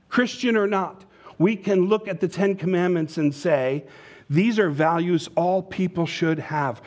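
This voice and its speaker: A man's voice: on the high side, darkish tone. A man preaching a sermon to his congregation, talking conversationally and working in a joke. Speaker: pastor.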